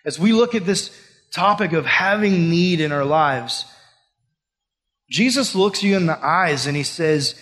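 A man's voice: fairly high pitch, animated, a little slow, a bit bright. A young adult man giving a casual, conversational sermon full of rhetorical questions. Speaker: pastor. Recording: long hall reverb.

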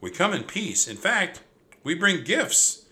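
A man's voice: sits high, big pitch swings, slow, pushed and bright, pitched above the performer's own voice, full character voice. A man voicing a cautious, bookish young boy who gets anxious in a storybook reading. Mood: nervous.

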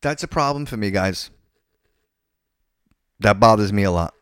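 A man with a lowish voice hosts a podcast and delivers an indignant, opinionated rant. He often stammers, repeats his words and restarts his sentences. The recording is dry and close. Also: animated, unhurried, fairly bright tone, smooth, no echo. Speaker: podcast host.

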